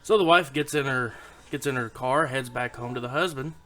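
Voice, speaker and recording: A man's voice: medium pitch, moderate pace, sharp tone. A man casually telling a rambling, swearing joke to camera at home, with his daughter on his lap. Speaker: YouTube joke teller.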